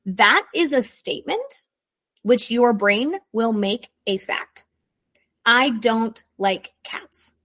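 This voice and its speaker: A young adult woman hosting a podcast, giving casual, encouraging advice with quick asides. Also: on the high side, expressive, a bit bright. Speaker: podcast host, coach.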